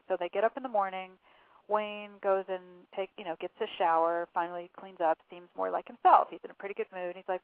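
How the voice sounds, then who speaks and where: A woman's voice: medium pitch, fairly even intonation, brisk, dry recording. A woman author recounting events in a phone interview, with fillers and quoted dialogue. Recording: tinny phone line.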